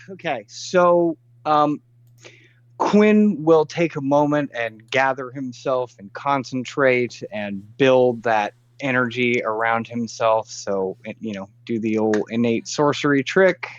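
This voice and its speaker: Give me a man at a tabletop game who reads the rules out at length with plenty of fillers. His voice sits at an ordinary pitch. The sound is dry and a little dull. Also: slow pace, no room sound. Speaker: player. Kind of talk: casual tabletop game play.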